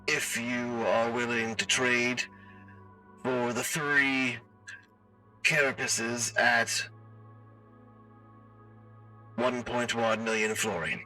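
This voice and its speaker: A man voicing a polite, formal male alien trader through a robot voice changer, halting and hesitant. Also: medium pitch, steady tone, bright, forceful tone, distant mic, faint music behind, voice pushed up, exaggerated voice, rough recording. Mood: courteous.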